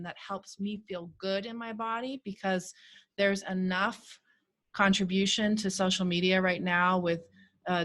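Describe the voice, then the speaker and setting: A woman who teaches spirituality, co-leading an online healing circle in a thoughtful, measured way with frequent fillers. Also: medium pitch, fairly bright tone. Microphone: video call.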